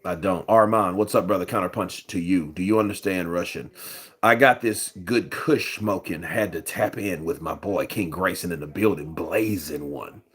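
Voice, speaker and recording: A man with a somewhat low voice chats his way through a boxing livestream as host. He rambles loosely, leans on fillers and keeps greeting chat viewers by name. He is fighting off a cold. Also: normal speed, fairly bright tone, breathy edge. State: has a cold. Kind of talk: casual livestream commentary.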